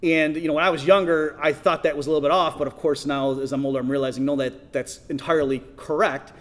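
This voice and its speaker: Middle-aged male conference speaker, slightly high voice, chatty, keeps asking the room "right?". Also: steady tone, fast. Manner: conversational, asks the audience, many restarts and "right?". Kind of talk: conference talk. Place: conference hall.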